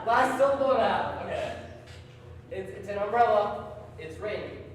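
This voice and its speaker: A man's voice: very high-pitched, fairly bright tone, slight background noise. A man performing live improv comedy, stammering and repeating himself as he tries out guesses in front of an audience. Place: large hall before an audience. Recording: echoey hall from far off.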